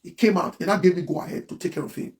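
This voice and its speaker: Fast, high-voiced Nigerian man ranting. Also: a little mellow. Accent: Nigerian Pidgin English. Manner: emphatic, repetitive, heated. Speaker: blogger. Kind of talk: livestream rant.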